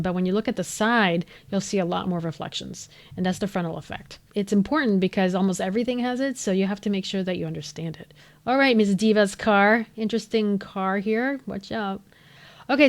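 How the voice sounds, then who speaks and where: A woman, a 3D artist, giving a casual, enthusiastic breakdown of a music video's visual effects, chatty and full of asides. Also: mid-range voice.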